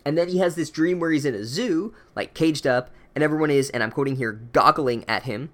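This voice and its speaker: A man's voice: fairly high pitch, brisk, a bit bright. A young man recapping a book chapter with sarcastic, profane comedy and mock-academic asides.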